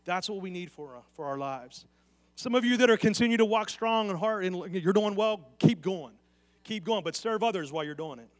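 A man's voice: high voice, expressive, brisk. A man preaching a sermon as pastor, earnestly putting questions straight to his congregation. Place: church sanctuary. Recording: long reverb of a church hall.

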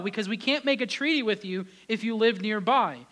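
A man preaching a sermon as pastor, animated, rising loud on key points and dropping to a quiet tone in reflective moments. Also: high voice, fast talker, hardly any pauses. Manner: acts out biblical voices in his telling.

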